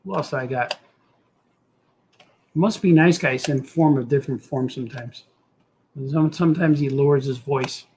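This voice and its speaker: A man's voice: medium pitch, normal speed, long pauses, a little mellow, a little hiss or hum. A middle-aged man chatting casually and goofily to himself while he draws, hosting a live show. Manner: goofy, talks to himself, does silly voices. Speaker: cartoonist host drawing on stream. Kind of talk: rambling casual chat while drawing.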